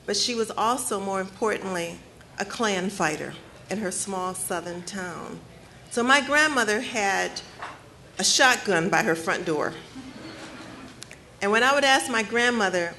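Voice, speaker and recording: A woman's voice: mid-range voice, lively intonation, bright, forceful tone, a little hiss or hum. Earnest middle-aged woman telling her story. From Detroit, United States. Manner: measured, earnest storytelling with slow emphatic phrases. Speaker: author speaking at her book launch. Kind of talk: personal storytelling speech. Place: cafe event space with audience.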